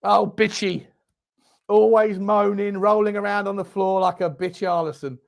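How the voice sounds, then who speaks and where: A young man hosting a live football watchalong, reacting loudly, swearing and shouting at the game. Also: sits high, steady tone, normal speed, creaky. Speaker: fan channel host. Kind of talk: live match watchalong commentary.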